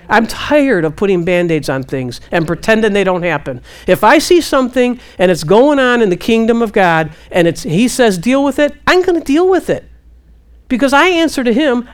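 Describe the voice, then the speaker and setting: A woman giving casual Christian teaching, answering a question and acting out her own prayers. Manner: animated, quotes God in hushed low voice.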